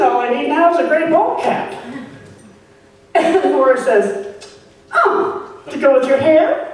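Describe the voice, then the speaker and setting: Lady in her 40s doing stand-up, bouncy pitch, far off in a roomy hall with some noise. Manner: animated storytelling, acts out quotes. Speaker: stand-up comedian. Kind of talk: stand-up comedy set. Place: stage at a live showcase. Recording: echoey room from far off with noise.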